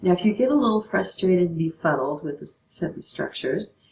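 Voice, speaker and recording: A woman's voice: fairly low pitch, animated, fairly quick, a little mellow, reverberant, a little hiss or hum, low-quality recording. A middle-aged woman teaching a writing lesson, patient and checking in often with her students. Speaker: English teacher.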